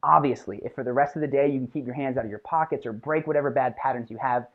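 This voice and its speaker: A confidence coach leads a guided self-improvement exercise in a relaxed, chatty way, tossing in "like" and "right?". The voice comes through thin and tinny, as if over a phone line. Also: medium pitch, quick pace. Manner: casual and conversational, with frequent "like" and "right?".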